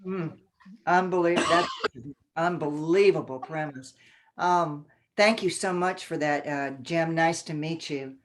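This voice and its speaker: Low-voiced, gushing woman presenter. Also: unhurried. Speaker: event presenter. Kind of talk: announcing book selections.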